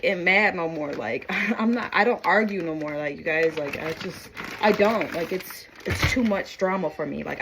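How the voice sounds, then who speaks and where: A woman vlogging while she cooks dinner, telling a story in a chatty, animated way and acting out both sides of a phone argument. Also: medium pitch, background noise. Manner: repeats "you know what I'm saying", emphatic and faith-filled. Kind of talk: casual storytelling while cooking. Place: home kitchen. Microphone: phone camera.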